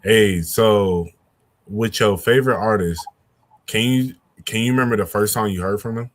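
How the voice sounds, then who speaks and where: A young man hosting a podcast in casual chat, laid-back and drawn-out with many fillers. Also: on the low side.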